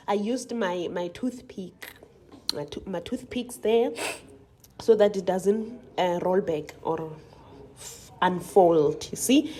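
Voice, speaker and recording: A young South African woman with a slow, dark-toned voice on the low side narrates a casual cooking vlog for her channel. She chats playfully with viewers as she cooks, tossing in rambling asides.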